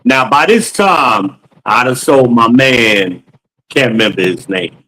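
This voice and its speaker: A man of ordinary pitch casually recounts an anecdote in a loose, slangy way. He pauses on ums and acts out both sides of the conversation. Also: lively intonation, bright, forceful tone, a little hiss or hum, low-quality recording. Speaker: storyteller.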